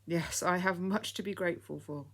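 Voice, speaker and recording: A woman reading the lines of a kindly, grateful old lady in an audiobook story, speaking softly and calling the listener dear. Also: on the low side, moderate pace. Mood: fond. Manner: soft, fond, calls people dear.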